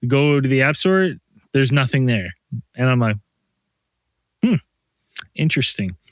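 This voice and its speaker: A man co-hosting a podcast, telling a story in casual chat, animated and swearing constantly as he rants. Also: medium pitch, a little slow, dry recording. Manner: profane, animated storyteller, ranting. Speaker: podcast co-host.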